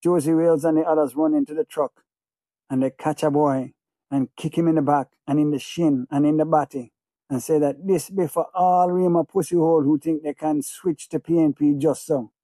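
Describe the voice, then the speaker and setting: A man's voice: on the high side, steady tone, moderate pace, dark tone, no room sound. Male audiobook narrator, obsessive and feverish, dry close recording. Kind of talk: first-person audiobook narration.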